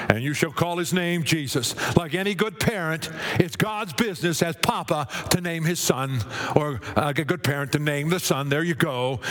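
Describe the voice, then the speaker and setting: A man preaching a sermon with great drama, swinging from ringing, sung-out high lines to low, hushed words. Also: normal speed. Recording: long hall reverb.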